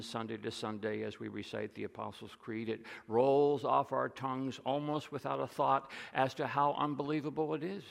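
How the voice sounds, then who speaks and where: Preacher man telling stories in a sermon, gravelly, long hall echo. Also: mid-range voice. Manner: storytelling, drops to a soft hush on key lines.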